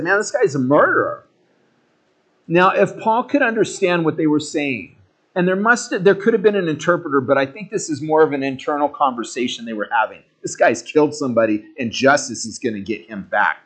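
Pastor, male, slightly higher voice, casual animated storyteller in the pulpit. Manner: conversational, animated storytelling with jokey asides. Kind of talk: sermon.

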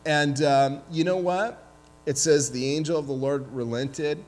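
A man preaching a sermon as pastor, retelling scripture with lively, humorous asides and acted-out voices. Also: on the high side, unhurried, slight background noise. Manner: animated storytelling, acts out voices with humor. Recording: long hall reverb.

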